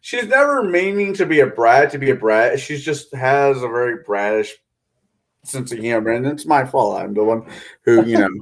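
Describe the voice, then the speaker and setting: A man's voice: medium pitch, animated, moderate pace. A man in casual late-night chat, easygoing as he tells a story about his daughter. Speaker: divorced father in conversation.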